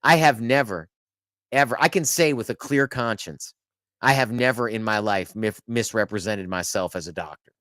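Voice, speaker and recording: A man's voice: fairly low pitch, normal speed, dry recording, studio quality. A man hosting a podcast, telling a long story in casual chat, restarting sentences and cursing as he goes. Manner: animated, restarts, swears, laughs mid-story. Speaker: podcast host.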